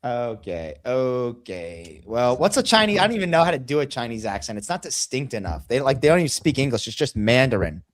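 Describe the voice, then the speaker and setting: A man co-hosting a casual podcast chat, loud and excitable, joking around. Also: mid-range voice, a little fast, hardly any pauses, dry recording, clean studio sound. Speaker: podcast co-host.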